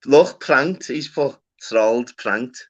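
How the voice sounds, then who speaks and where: A man hosting a casual livestream, swearing often and shouting out viewers. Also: mid-range voice, animated, slow pace. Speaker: livestream host. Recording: dull lo-fi stream audio.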